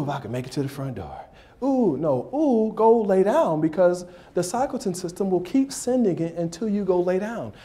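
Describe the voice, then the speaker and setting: A man giving a motivational speech at a dinner. He tells animated stories, throws questions at the audience and adds sound effects. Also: on the high side. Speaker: motivational speaker and coach. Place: dinner banquet.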